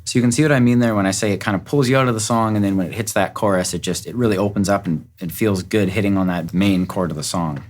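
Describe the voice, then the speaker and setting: With faint music from the track in the background, a music producer and recording engineer excitedly walks through how a song came together. His voice is lowish, and he speaks fast with few pauses in an upbeat way.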